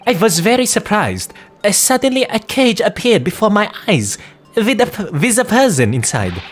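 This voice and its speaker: A woman's voice: medium pitch, very animated, moderate pace, slightly rough, soft background music. A woman voicing a boastful young noble boy in disguise, speaking in a smug, childlike way for a fan dub of a video game.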